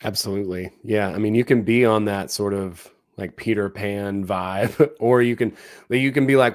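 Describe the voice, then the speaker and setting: A man co-hosting a casual talk, chatting in an animated way, often acting out quoted voices with lots of fillers. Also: lowish voice, moderate pace, dry recording, clean studio sound. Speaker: co-host, comedy show producer. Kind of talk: casual conversational chat.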